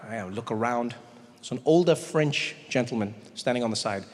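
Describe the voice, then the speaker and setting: A man telling an animated stand-up story as a comedian, acting out characters. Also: mid-range voice, normal speed, a faint crowd. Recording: echoey hall, faint noise.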